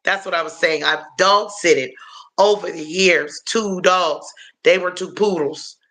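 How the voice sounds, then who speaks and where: A man chats on a live stream with a high, bright voice, answering viewers' comments as they come in. He talks unhurriedly and rambles, filling gaps with um and uh and calling his viewers y'all. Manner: halting, with frequent um and uh fillers. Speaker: livestream host answering chat. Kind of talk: casual live-stream chat.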